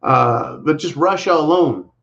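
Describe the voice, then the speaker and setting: A man's voice: fairly high pitch, a little slow, vocal fry, a bit bright. A man co-hosting a livestream, giving casual political commentary in an emphatic, repetitive way and speaking to viewers as "folks". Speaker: livestream co-host. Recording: dull lo-fi livestream audio.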